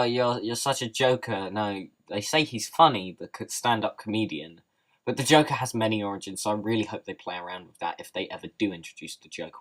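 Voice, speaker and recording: A man's voice: on the low side, low-quality recording. Rambling opinionated young man. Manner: rambling, opinionated, with many restarts and fillers. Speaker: TV reviewer. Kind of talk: casual spoken review.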